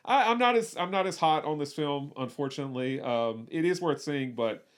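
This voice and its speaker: A man's voice: fairly high pitch, animated, normal speed, smooth. Rambling man co-hosting a movie podcast. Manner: rambling, repeats words, frequent restarts. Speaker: podcast co-host. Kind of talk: casual movie discussion.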